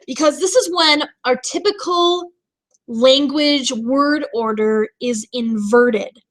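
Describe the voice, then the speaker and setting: Woman teacher walking thru vocab words, slightly high voice, lots of ums. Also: a bit bright. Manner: explanatory, with many fillers and restarts. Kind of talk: recorded vocabulary lesson.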